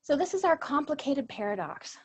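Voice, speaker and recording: A woman presenter giving an earnest lecture to a professional training audience, animated when she quotes others. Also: sits high, brisk, poor audio.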